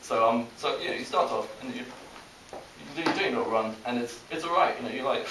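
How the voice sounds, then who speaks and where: Young British man doing halting stand-up. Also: mid-range voice. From Britain. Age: young adult. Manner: halting, self-deprecating delivery with many restarts. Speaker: stand-up comic. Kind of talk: stand-up comedy set. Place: college comedy show with a live audience. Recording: echoey, distant, hissy live recording.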